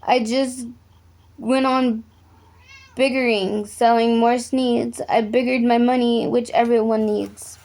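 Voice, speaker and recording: A woman's voice: fairly high pitch, level tone, slow pace, darkish tone. Woman reading a rhyming picture book. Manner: rhythmic rhyming read-aloud. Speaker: storyteller.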